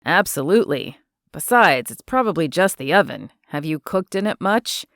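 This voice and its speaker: A woman narrator voicing a gentle, easygoing young male cowboy in an audiobook, her voice dropped a little lower. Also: normal speed, no echo, studio quality. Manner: gentle, relaxed drawl-free talk. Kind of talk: audiobook character voice.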